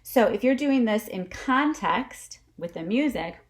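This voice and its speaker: Woman music teacher talking to camera; lively, chatty, keeps checking in with students. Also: fairly high pitch, a little slow. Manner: chatty, checks in with frequent "okay?"; demonstrates breath kicks with short huffs. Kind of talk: instrumental lesson video.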